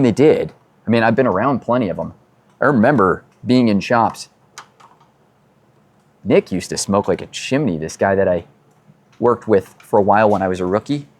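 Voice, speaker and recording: A man working as a mechanic, chatting in a rambling, self-deprecating way as he works on a car in his workshop. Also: medium pitch. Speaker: mechanic and show host. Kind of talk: casual talk while working on a car.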